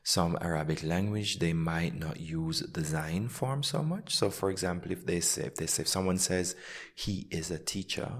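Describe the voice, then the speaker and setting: Male English-coach host, very low register, casual interview, teacherly, demonstrates phrases aloud. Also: moderate pace. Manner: explains with spoken example sentences.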